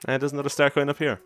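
A man giving casual commentary over his own gameplay, excitable, often exclaiming and laughing at his mishaps. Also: on the high side. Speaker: let's play commentator.

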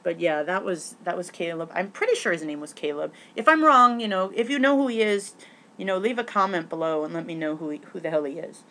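A woman vlogging casually, rambling with many restarts and fillers, breaking into excitable bursts and swearing now and then. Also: fairly low pitch, a little fast.

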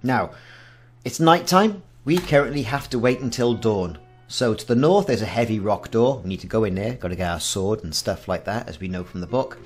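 A man's voice: on the low side, normal speed, faint music behind. A man in his forties hosting a casual game walkthrough, reading the game's text aloud with wry asides. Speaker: gaming channel host.

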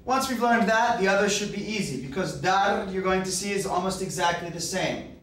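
Brief: male teacher, slightly high voice, patient explainer, recorded from afar in an echoey classroom. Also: a little fast, fairly bright tone. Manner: patient, explanatory, frequent "okay" and "uh". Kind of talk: classroom grammar lecture. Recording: roomy, distant mic, faint background hiss.

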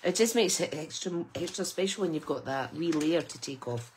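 A woman's voice: deep voice, animated, moderate pace, darkish tone, slight background noise, low-quality recording. A middle-aged woman, chatting casually and exclaiming with delight as she unboxes craft gifts. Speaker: craft channel host.

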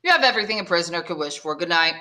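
A woman's voice: fairly low pitch, animated, rapid-fire, sharp tone. A woman reading the lines of a dull male prison jailer in a matter-of-fact way. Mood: flat.

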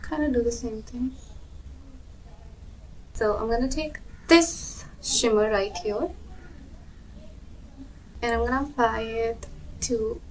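A young woman telling a rambling story time while doing her makeup, full of "like" and lively retelling. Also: on the high side, slow, long pauses, far from the mic, slight background noise, low-quality recording. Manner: rambling, lots of "like", animated retelling. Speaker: beauty vlogger.

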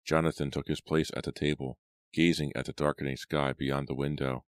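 Very deep-voiced man narrating an audiobook. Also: no room sound. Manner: steady, measured storytelling. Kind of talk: scripted narration.

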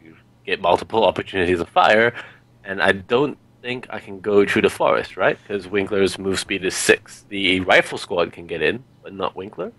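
A man's voice: deep voice, normal speed, a bit bright, no echo, rough recording. A man learning a board game, asking tentative, curious questions as he plays. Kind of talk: casual questions during play.

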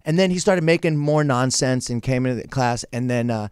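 A man's voice: medium pitch, brisk, a little mellow, clear, resonant tone, no echo, clean studio sound. A man on a podcast telling a rambling, profane story, acting out what people said. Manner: profane, rambling, acts out quotes. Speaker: podcast guest. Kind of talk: casual storytelling chat.

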